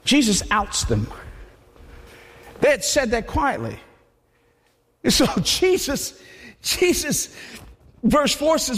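High-voiced animated preacher. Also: male voice, takes it slowly, pauses often, breathy edge. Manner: animated, conversational, repeats words. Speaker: pastor. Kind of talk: sermon. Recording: long hall reverb.

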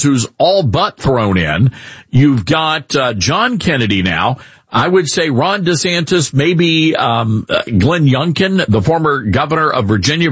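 A man hosting a talk radio show, giving animated, mocking opinions and chatting with a co-host. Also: a little high, breathy edge, no room sound.

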